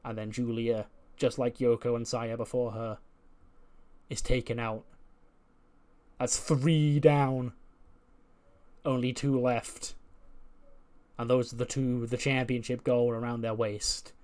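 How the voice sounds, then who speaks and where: A man casually recapping storylines from a wrestling management game. He tells it chattily with frequent fillers and gives animated play-by-play of the matches. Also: mid-range voice, measured pace.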